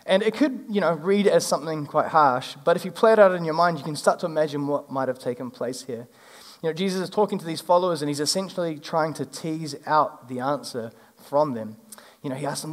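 A male pastor, preaching a sermon in a church and retelling the story in a lively, casual way. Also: fairly high pitch, brisk. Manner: animated, acts out the characters in a casual retelling. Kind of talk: sermon with scripture reading. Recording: long hall reverb.

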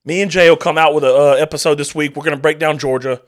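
A man's voice: a little high, fairly even intonation, fast talker. A man hosting a sports podcast, venting in a fired-up, profane solo rant full of restarts.

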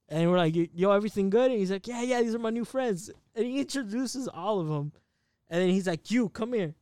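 A man's voice: high voice, a little mellow, clean tone, dry recording, studio quality. A man in his twenties telling a rambling, profane story in a casual podcast chat. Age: 20s. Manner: rambling, profane, laughs at himself.

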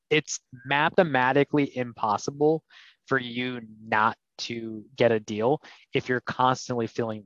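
A man's voice: mid-range voice, fairly bright tone, dry recording. A man co-hosting a casual podcast, candidly explaining and retelling his conversations. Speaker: podcast co-host. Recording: dull, dry sound.

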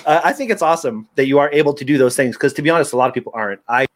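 A man's voice: mid-range voice, racing. A man with a Southern US accent co-hosting a casual talk show, telling stories in a joking way. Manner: jokey, laughs while telling stories. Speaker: podcast co-host. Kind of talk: casual chat.

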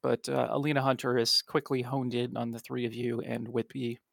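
A man runs a tabletop game in a relaxed way, pausing often as he narrates. His voice has a gravelly fry, and the recording is close and dry. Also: medium pitch, no room sound. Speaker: game master.

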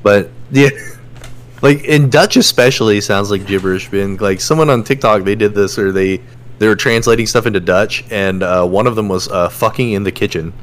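A man's voice: lowish voice, moderate pace. A young man who lives in Germany, chatting in a laid-back way with frequent chuckles and fillers. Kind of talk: casual chat.

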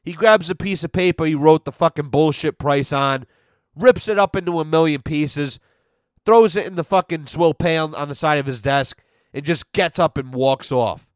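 A man's voice: fairly high pitch, normal speed, no echo, studio quality. A young man hosting a podcast, telling a casual story in a profane, exasperated way and acting out what others said. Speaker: podcast host.

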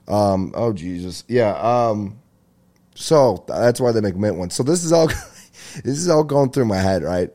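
Low, mellow-voiced rambling comedian man. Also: measured pace. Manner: rambling, jokey, swears, laughs at own bits. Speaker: podcast host. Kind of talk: casual comedic monologue.

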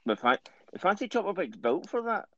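A man's voice: high voice, brisk, no echo, dull audio. A Scottish man co-hosting a casual podcast, chatting and joking. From Scotland. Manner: jokey, chatty, lively. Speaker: podcast co-host.

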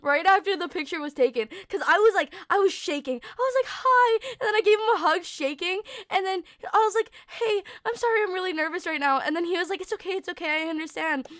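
A young woman hosting a casual podcast chat, an excitable, giggly storyteller. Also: very high voice, quick pace, few pauses, no room sound, clean studio sound. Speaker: podcast host.

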